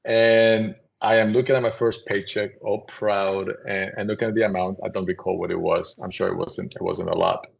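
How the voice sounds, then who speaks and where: A man, a company CEO, telling anecdotes in a casual, animated podcast conversation and acting out voices as he goes. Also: sits low, normal speed, vocal fry, hardly any pauses, muffled recording, slight background noise. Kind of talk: casual storytelling.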